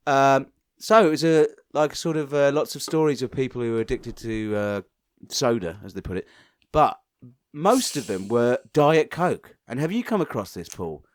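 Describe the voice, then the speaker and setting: Male podcast co-host, chatty and meandering, animated pitch, dry sound. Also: normal speed, no room sound. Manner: rambling, chatty, self-narrating. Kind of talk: comedic podcast banter.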